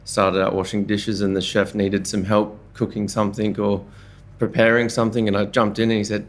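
Easygoing Australian man, low voice. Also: fairly quick. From Brisbane, Australia. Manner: easygoing and chatty, with relaxed slang and frequent fillers. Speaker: chef and podcast guest. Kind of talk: casual conversational interview.

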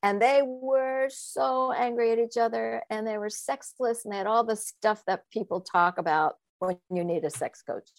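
A fairly high-pitched woman talks at a moderate pace with few pauses, recorded without echo. She's a sex coach and author in a casual interview, an animated storyteller who laughs frequently and impersonates the people she quotes.

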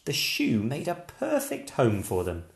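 A man reading a children's picture book aloud, with slow, expressive storytelling. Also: medium pitch, vocal fry. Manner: slow, lively expressive narration. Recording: echoey room.

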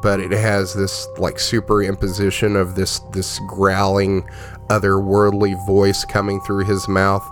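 Slow, deep-voiced game master. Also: male voice. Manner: relaxed, with many fillers. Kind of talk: narrating a tabletop game. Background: music.

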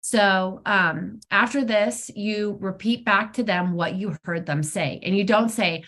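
A woman's voice: medium pitch, measured pace, hardly any pauses, a bit bright. Middle-aged woman, plain frank delivery with lots of ums, recovery-meeting share over an online call. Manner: frank and conversational, many ums. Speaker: twelve-step meeting speaker. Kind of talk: personal sharing at a recovery meeting.

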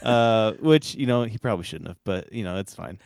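A man's voice: on the low side, animated, fairly quick, creaky, darkish tone, a little hiss or hum. A man co-hosting a podcast in casual chat, rambling as he tells stories with many fillers and restarts. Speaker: podcast co-host.

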